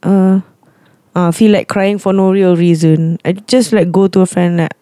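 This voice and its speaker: A man's voice: high-pitched, steady tone, moderate pace, warm tone, clear, resonant tone, no room sound, studio quality. A young man with a Malaysian English accent, chatting candidly as a podcast co-host and slipping Malay words into his speech. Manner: candid, mixes in Malay words, restarts often. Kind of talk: casual chat.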